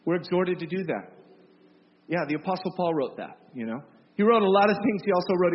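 Impassioned high-voiced male preacher, echoing hall. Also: animated, a little fast. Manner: impassioned, emphatic, scolding. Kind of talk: sermon. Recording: muffled hall recording with faint hiss.

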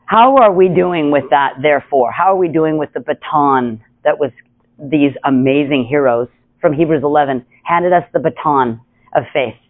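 A woman's voice: sits low, moderate pace. A woman teaching a casual Bible study, chatty, with many asides and laughs. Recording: tinny phone-like sound.

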